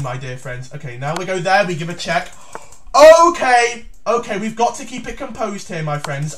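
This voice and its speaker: A man giving theatrical, excited commentary on his own chess game as he plays, breaking into shouts. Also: sits high, moderate pace, slight background noise. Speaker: chess YouTuber.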